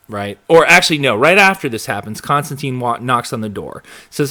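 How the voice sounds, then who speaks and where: A man's voice: mid-range voice, brisk. A man hosting a live show, chatting casually and animatedly, acting out bits as he rambles. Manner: rambling, animated, acts out quotes. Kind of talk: casual live recap chat.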